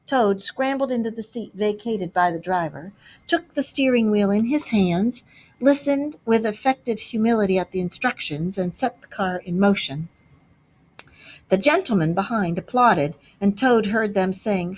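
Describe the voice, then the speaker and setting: A woman teacher narrating a children's storybook aloud with expressive, dramatic delivery. Her voice sits at an ordinary middle pitch. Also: measured pace.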